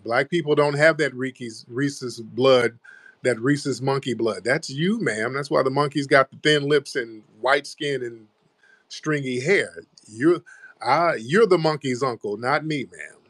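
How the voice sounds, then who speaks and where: A man hosting a live stream trades insults in a heated argument. He mocks and taunts the caller in a mid-pitched, steady voice, and the close mic sounds dry, with no room sound. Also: unhurried, no echo. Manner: mocking, taunting, repeating "ma'am". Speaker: livestream host.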